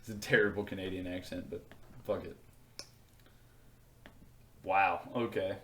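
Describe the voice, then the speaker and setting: A man's voice: deep voice, steady tone, a little slow, slight background noise. A young man co-hosting a podcast in casual chat, loose, joking and full of swearing. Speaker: podcast co-host.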